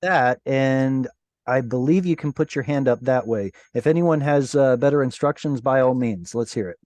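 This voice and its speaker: A man teaching a Hebrew class over a video call, explaining patiently and sounding out Hebrew words slowly. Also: mid-range voice, a little mellow, dry recording.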